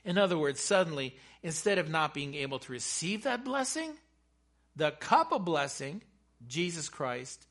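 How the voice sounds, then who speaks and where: High, bright fervent male preacher. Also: animated, measured pace. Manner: fervent, swells to loud emphatic peaks, chatty asides to the congregation. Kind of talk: sermon.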